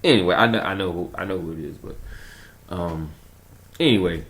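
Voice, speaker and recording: A man rambling through a casual vlog monologue, telling a story in an animated way, chuckling and trailing off while he searches for words. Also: deep voice, fairly quick. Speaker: conspiracy vlogger.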